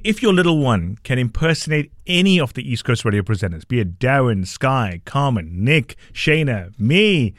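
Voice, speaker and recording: A man hosting breakfast radio, his pitch bouncing all over as he banters. The sound is close and dry in the studio, and he often repeats himself with a laugh. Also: no echo. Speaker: radio breakfast show host.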